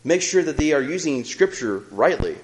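A young man preaching a sermon in an earnest, measured way, reading scripture aloud between his own remarks. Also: fairly high pitch, very animated, slight background noise, poor audio.

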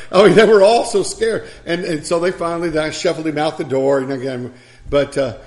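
A man's voice: on the high side, creaky. A man preacher delivering a sermon, telling stories with chuckles and asides.

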